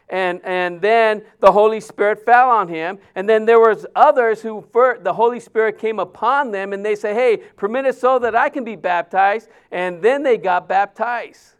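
High-voiced, smooth male preacher. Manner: conversational preaching, many fillers and restarts. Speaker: pastor. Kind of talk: sermon.

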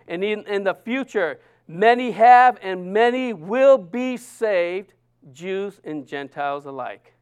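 High, smooth-voiced male preacher. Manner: earnest, emphatic, with frequent restarts. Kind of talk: sermon.

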